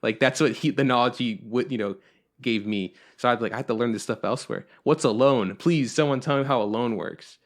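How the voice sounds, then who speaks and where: Young male podcast co-host, loose and rambling, swears freely, middle-pitched voice. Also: a little fast. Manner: rambling and profane, with frequent fillers. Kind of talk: casual chat.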